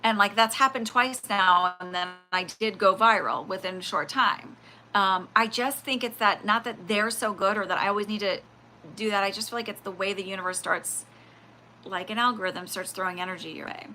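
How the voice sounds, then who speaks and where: A woman with a bright, clear voice chats casually on her own livestream, rambling through her thoughts with plenty of fillers. A faint hum of noise sits behind her. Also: medium pitch, moderate pace. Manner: rambling, animated, full of fillers and acted-out quotes. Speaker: livestream spiritual reader.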